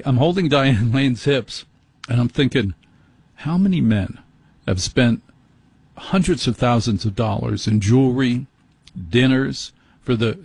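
Male late-night radio host, husky voice, dry close studio mic, wry self-mocking storyteller. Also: medium pitch, dry recording. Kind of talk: rambling comic monologue. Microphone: studio microphone.

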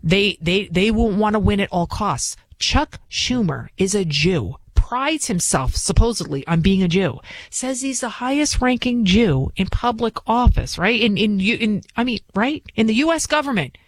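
A woman's voice: mid-range voice, expressive, normal speed, hardly any pauses, no room sound. Indignant woman commentator, dry sound. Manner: indignant, rhetorical questions; emphatic, repeats lines. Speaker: political commentator. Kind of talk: opinion monologue.

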